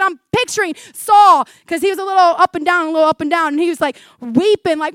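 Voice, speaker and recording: A woman in her forties preaching a sermon in an animated way, acting out the voices from scripture and laughing often. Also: extremely high pitch, fairly quick, few pauses, no room sound.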